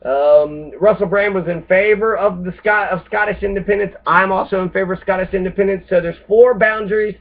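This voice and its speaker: A man's voice: high voice, fairly even intonation, brisk, hardly any pauses. An American man ranting casually and sarcastically, swearing often and rambling between points. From United States. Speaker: host. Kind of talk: casual rant monologue. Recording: tinny phone-like lo-fi audio.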